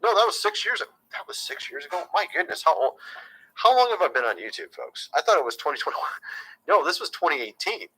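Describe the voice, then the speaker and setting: A man's voice: on the high side, sing-song, quick pace, bright, forceful tone, slight background noise, low-quality recording. A man talking casually to his viewers as a YouTube commentator, chatty and conspiratorial, often calling them "folks".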